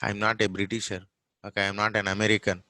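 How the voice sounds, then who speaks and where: A man with a Telugu-accented Indian English voice, teaching English vowel pronunciation and repeating the model words slowly and clearly. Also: on the low side, little pitch movement, bright, forceful tone, no room sound. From Telugu-speaking India. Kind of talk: classroom pronunciation lesson.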